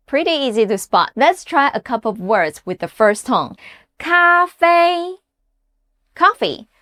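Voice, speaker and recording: A woman with a high voice that leaps up and down as she narrates a scripted beginner language lesson. She sounds upbeat and encouraging and says each example word slowly and clearly. Her voice is recorded dry and close, with no room sound around it. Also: big pitch swings, fairly bright tone, no room sound. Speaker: language teacher.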